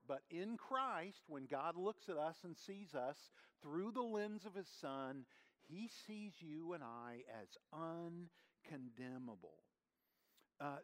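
A man with a slightly high voice delivers a sermon as a pastor. He speaks earnestly and conversationally, filling pauses with little hesitations as he teaches. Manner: earnest, conversational preaching with frequent fillers.

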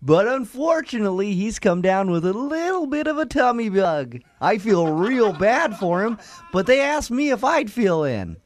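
A man's voice: sits high, big pitch swings, normal speed, no room sound, pitched above the performer's own voice. A man voicing a goofy male party magician in a silly clownish put-on voice.

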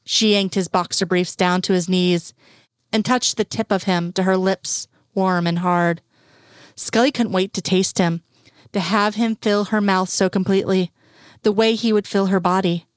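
A woman reads a story aloud in a steady, unhurried voice of middling pitch. She sits close to the mic in a dry space with no room sound. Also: no echo. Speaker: reader. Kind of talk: reading fiction aloud.

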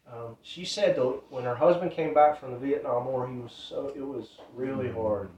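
A man's voice: mid-range voice, normal speed, a little mellow, slight background noise. A man telling a ministry testimony in an earnest, repetitive, casual way. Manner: earnest, repetitive, loose grammar. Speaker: ministry storyteller. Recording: roomy, distant, dull sound.

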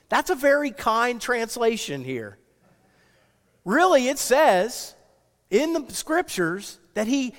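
A man preaching a sermon as pastor, swinging from loud, excited storytelling to hushed, intense appeals. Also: sits high, takes it slowly, in a large hall.

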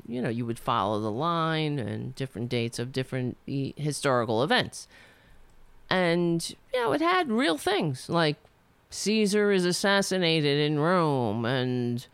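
Unhurried indignant woman storyteller, dry close sound. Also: low voice, clean tone, dry recording. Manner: rambling, indignant, profane, trailing off. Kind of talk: personal storytelling monologue.

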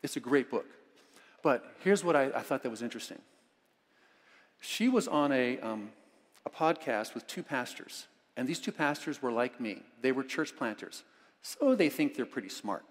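A man's voice: mid-range voice, animated, normal speed. A male pastor giving a conversational, enthusiastic sermon with many restarts, recorded in a church. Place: church sanctuary. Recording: long reverb of a church hall.

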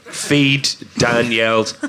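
A man on a comedy panel podcast, joking crudely and swearing with deadpan delivery. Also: medium pitch, slow pace, heavy background noise. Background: live audience laughter.

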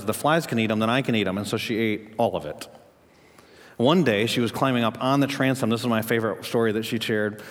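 A man preaching a sermon as pastor, telling a story and then pressing his points with emphatic questions. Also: on the low side. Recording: long hall reverb.

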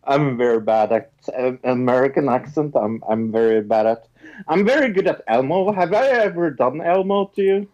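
A man's voice: mid-range voice, lively intonation, moderate pace, a little mellow, dull audio. A man hosting a podcast in casual chat, jokey and swearing freely. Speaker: podcast host.

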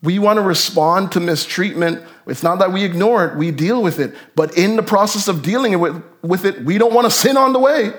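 High-voiced, animated male preacher. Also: fairly quick, few pauses. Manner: animated preaching, voice jumping up for emphasis then dropping low. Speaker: pastor. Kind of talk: sermon. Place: church sanctuary.

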